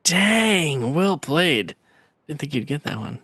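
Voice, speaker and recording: Lively, animated podcast guy, dry sound. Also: a little high, slow, slightly rough, no room sound. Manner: animated, laughs often, enthusiastic storytelling. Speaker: podcast co-host. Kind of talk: casual chat.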